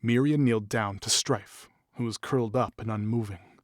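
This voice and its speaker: A man's voice: on the low side, moderate pace, dry recording. Man reading a fantasy story, dry. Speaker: audiobook narrator.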